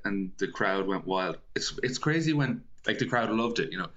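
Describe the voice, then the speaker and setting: An Irish comedian telling a casual stage story in a rambling, halting way, often restarting his sentences. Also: lowish voice, sharp tone. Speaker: comedian guest. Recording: dull, lo-fi sound.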